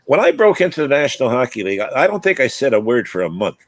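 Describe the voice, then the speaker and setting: Older male ex-athlete, chatty storyteller with many restarts, medium pitch, dry recording. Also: big pitch swings, quick pace, dry recording. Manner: rambling, stumbling restarts, acts out quotes. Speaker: former hockey player and broadcaster. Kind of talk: casual storytelling chat.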